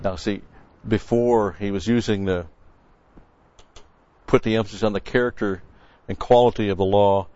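A man's voice: fairly low pitch, steady tone, normal speed, pauses often, warm tone. A man giving verse-by-verse sermon teaching as a Bible teacher, stressing points by repeating key words and explaining the grammar of the original text. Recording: dull, dry lo-fi recording.

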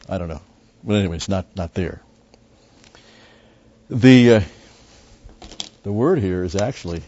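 Male Bible teacher, low voice, dull lo-fi recording, rambling asides with emphatic stresses. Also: warm tone. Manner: conversational, with frequent asides and restarts; emphatic on key words.

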